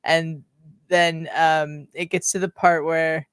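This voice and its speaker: A woman co-hosting a podcast, calmly summing up a sitcom episode in casual chat and agreeing with her partner. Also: deep voice, slow, clean tone, no echo. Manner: calm and agreeable, sums up the plot. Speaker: podcast co-host reviewing a sitcom.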